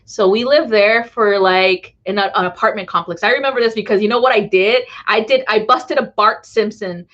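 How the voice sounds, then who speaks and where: A woman's voice: mid-range voice, normal speed, few pauses, fairly bright tone, lo-fi sound. Chatty, laughing woman telling stories. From Southern California. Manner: rambling and chatty, laughing often and acting out quoted voices. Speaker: spiritual reader hosting a live stream. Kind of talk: casual storytelling to a live chat.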